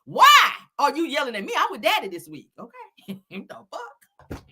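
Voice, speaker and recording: A woman hosting a casual live commentary stream, loud and laughing, swearing and throwing in dramatic exclamations. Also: sits high, huge pitch swings, a little slow. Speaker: commentary livestream host.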